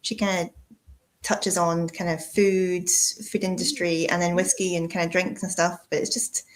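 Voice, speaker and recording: A woman co-hosts a podcast with a fairly low, fairly even voice at normal speed. Her casual chat is easygoing and full of filler words.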